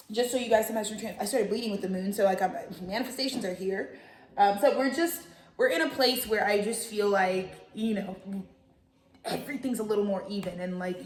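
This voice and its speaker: A woman's voice: fairly high pitch, brisk. Profane, rambling woman in an echoey room. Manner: profane, animated, jokey asides. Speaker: tarot reader and channel host. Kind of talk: casual rambling monologue.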